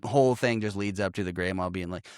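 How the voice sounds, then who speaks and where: A man's voice: low voice, fast talker, clear, resonant tone, dry recording, clean studio sound. A man co-hosting a podcast, walking through a movie's plot in casual, profane chat with frequent chuckles. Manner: profane, chuckling scene-by-scene recap. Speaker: podcast co-host.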